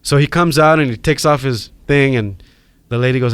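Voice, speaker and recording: A middle-aged man, a podcast guest telling a story in casual, animated chat and acting out the people in it. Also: mid-range voice, brisk, hardly any pauses, smooth. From Hawaii. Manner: animated, acts out quoted voices.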